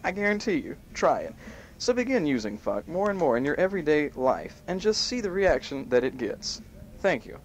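A man hosting an amateur home-made show, reading a list aloud in a mock-serious way and punching the quoted bits loudly. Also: on the high side, very animated, moderate pace. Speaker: host. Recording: muffled home tape with faint hiss.

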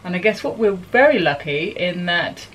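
A woman's voice: on the low side, animated, moderate pace, a little hiss or hum, rough recording. A woman from New Zealand with a New Zealand accent, a sailing vlogger talking casually and matter-of-factly to camera aboard a sailboat.

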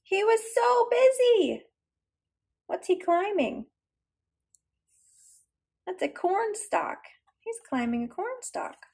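High sing-song preschool teacher woman. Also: lively intonation, takes it slowly, gravelly, pauses often, darkish tone. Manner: sing-song, encouraging, sounding out letters. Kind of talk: circle time lesson and read-aloud.

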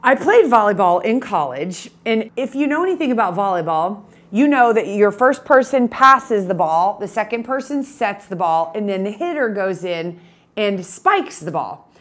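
A woman in her fifties who coaches photography business owners. She gives an energetic motivational talk and tells stories in a chatty way. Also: mid-range voice, normal speed.

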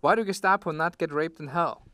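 A man's voice: fairly high pitch, a little fast, sharp tone, clean tone, dry recording. A man on a comedy podcast reading jokes aloud with a playful robot "beep" bit. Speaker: show regular reading jokes.

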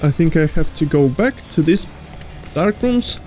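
High-voiced man talking through a horror game. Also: animated, unhurried, darkish tone, faint music behind. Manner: talks to the game's creatures, jokey and easily startled. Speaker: gaming streamer. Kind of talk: let's play commentary.

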